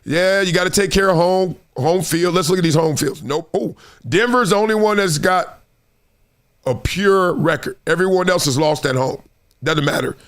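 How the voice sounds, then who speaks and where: Lively high-voiced man talking sports. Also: normal speed. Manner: animated, slangy, talks to viewers, breaks into sing-song bits. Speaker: sports show host. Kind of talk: casual sports commentary monologue.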